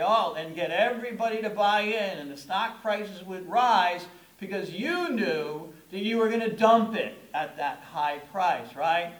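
Male pastor, high voice, conversational sermon delivery, echoey sanctuary. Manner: conversational preaching with shifting emphasis.

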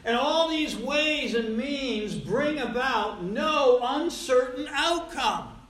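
A man preaching in a church sanctuary, his bright, high voice hammering key words and then sinking low for asides. The sermon rings through an echoing room, with faint ambience underneath. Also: expressive, slow. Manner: emphatic, swinging between loud stresses and quiet asides. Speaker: pastor. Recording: roomy echo.

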